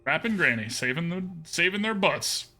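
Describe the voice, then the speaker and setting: Bright, lively-voiced man streaming a game. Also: a little high, moderate pace, soft background music. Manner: chatty, answers chat, laughs often. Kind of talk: live gameplay commentary.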